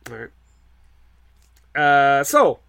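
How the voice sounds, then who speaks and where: A man's voice: medium pitch, very animated, drawn-out words, vocal fry, a bit bright, smooth. A man hosting a podcast in casual chat, rambling and hesitant with playful jokes. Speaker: podcast host.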